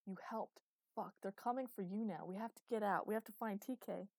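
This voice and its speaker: A woman's voice: medium pitch, a little fast, no echo, close to an everyday voice. A woman voicing a panicked young male officer who pushes urgently and insistently. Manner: urgent, pressing, forceful.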